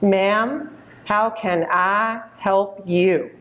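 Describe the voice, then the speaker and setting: A woman voicing a young male electronics salesman with a Texas drawl, who talks slowly and over-explains. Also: high-pitched, steady tone, a bit bright, heavily acted. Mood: patronizing. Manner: slow, over-explaining, polite "ma'am".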